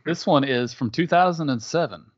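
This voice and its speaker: A man's voice: a little high, moderate pace, a little hiss or hum. Matter-of-fact male host, lo-fi. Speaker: game show host. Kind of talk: reading out clues. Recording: dull lo-fi recording.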